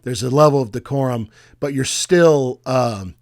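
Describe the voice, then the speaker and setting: Podcast co-host, young adult man, mid-pitched, animated storyteller who slips into shouting caller impressions; dry close sound. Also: measured pace, no room sound. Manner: animated, acts out angry callers in raised voice. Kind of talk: casual storytelling chat.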